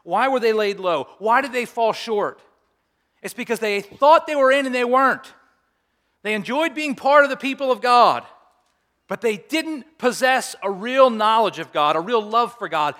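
A man's voice: extremely high pitch, expressive, moderate pace, a bit bright. A middle-aged male pastor preaching a sermon in a conversational way, with humorous asides.

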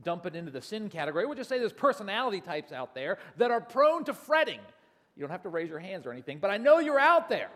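Brief: male pastor, higher-pitched voice, chatty storytelling sermon full of asides. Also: long reverb tail. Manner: conversational, anecdotal, many "you know" asides.

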